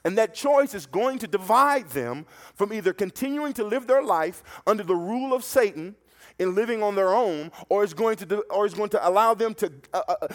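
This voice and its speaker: A man preaching a sermon, telling stories fervently and repeating words as he restarts his thoughts. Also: high-pitched.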